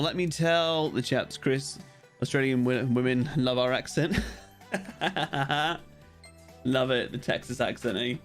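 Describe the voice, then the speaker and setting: A young man rambling casually on a game live stream, greeting viewers by name as he plays. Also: medium pitch.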